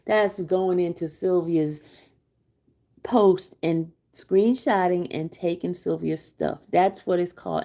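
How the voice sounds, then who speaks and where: A woman's voice: on the low side, slow pace, dark tone. A woman co-hosting a casual livestream, blunt and teasing as she talks back to the chat.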